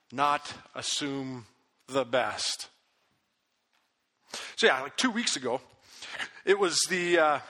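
Male pastor, animated storyteller, high and sharply bright, recorded in a reverberant hall. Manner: animated storytelling, acts out his own angry outbursts. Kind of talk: sermon. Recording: long reverb of a big hall.

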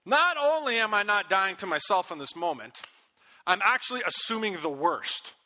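Lively man preaching in a hall. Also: high-pitched, normal speed. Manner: animated storytelling, acts out his own angry outbursts. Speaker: pastor. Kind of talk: sermon. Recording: long reverb of a big hall.

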